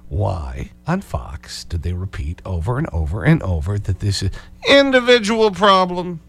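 A man hosting a call-in radio talk show, sarcastic and animated, hammering phrases over and over. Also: on the low side, normal speed, breathy edge.

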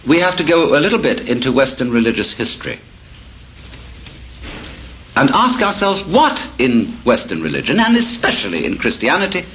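Middle-aged male lecturer, wry storyteller, animated delivery, lo-fi recording. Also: mid-range voice. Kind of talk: public lecture to an audience. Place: lecture hall with audience. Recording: dull lo-fi tape of a lecture with faint hiss.

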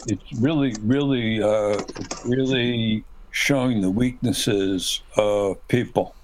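A man on a podcast in casual chat, speaking haltingly and repeating himself. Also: fairly low pitch, fairly even intonation, a little hiss or hum, poor audio.

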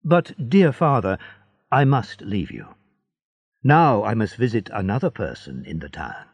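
A man's voice: fairly low pitch, very animated, a little slow, gravelly, husky, dry recording, exaggerated voice. A man voicing an earnest, happy young sailor in a storybook reading, sincere and eager.

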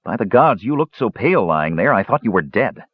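A man voicing a big young man, the glum eldest brother, who groans and speaks low. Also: sing-song, a little fast, husky, no echo. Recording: dull lo-fi recording.

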